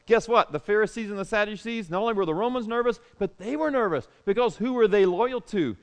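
A pastor preaching an animated sermon, full of rhetorical questions, moving between loud and soft. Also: male voice, sits high, a little fast, hardly any pauses, smooth.

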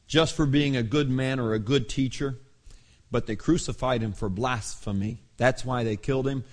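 A middle-aged male pastor preaching a sermon, telling the story with dramatic pauses and laughter. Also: medium pitch, steady tone.

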